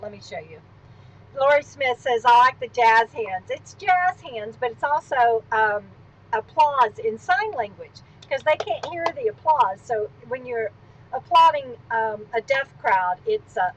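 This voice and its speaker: Chatty high-voiced woman hosting a live stream. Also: highs cut off. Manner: chatty, rambling, wandering off into asides. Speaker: livestream host. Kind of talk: casual livestream chat. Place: at home, on a swivel stool.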